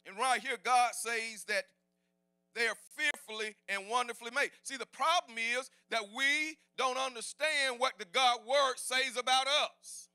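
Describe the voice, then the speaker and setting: Shouting, high-voiced, bright male preacher. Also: fairly even intonation, a little slow, clear, resonant tone, no room sound, clean studio sound. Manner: preaching with call-and-response, rising to shouts. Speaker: pastor. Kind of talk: sermon. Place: church sanctuary.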